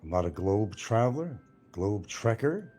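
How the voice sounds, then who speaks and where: An older man in retirement hosts a livestream in a lowish, warm, sing-song voice at a measured pace, with soft music behind. He rambles from topic to topic and swears freely.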